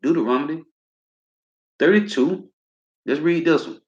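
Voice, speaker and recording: A man teaching from scripture in a preaching style, reading verses slowly and with emphasis and tagging his lines with a casual filler. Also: on the high side, a little mellow. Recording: roomy, dull lo-fi sound.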